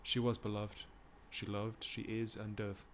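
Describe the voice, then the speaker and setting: Man reading a lovesick young prince, soft, wistful, stream reading. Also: lowish voice, completely flat delivery, measured pace, a little hiss or hum, close to an everyday voice. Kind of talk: live-streamed Shakespeare reading.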